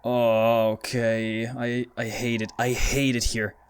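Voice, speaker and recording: Scared man slowly playing horror game. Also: medium pitch, monotone, smooth. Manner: frightened, pleading, talks to the game. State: scared, shaky. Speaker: gaming YouTuber. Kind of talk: horror game let's play commentary.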